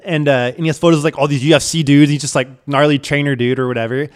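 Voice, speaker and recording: A man's voice: on the high side, steady tone, rapid-fire. A young man co-hosting a casual chat, rambling through a story, swearing and laughing often. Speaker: co-host.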